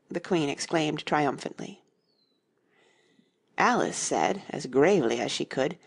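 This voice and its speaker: A woman reading a classic children's story as an audiobook narrator, measured and expressive. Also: low voice, vocal fry, slightly rough. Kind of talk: scripted narration.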